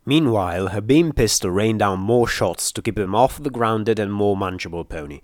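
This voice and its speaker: A man narrating a first-person adventure story with a steady, measured delivery. His voice is on the lower side and the recording is dry and close, with no room sound. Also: dry recording. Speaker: audiobook narrator.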